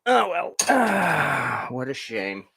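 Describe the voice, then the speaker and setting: A man's voice: a little high, wildly swooping pitch, takes it slowly, creaky, sharp tone, husky, dry recording. A man hosting a home cooking show, chatting casually while he cooks, rambling and self-deprecating with corny puns. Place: home kitchen.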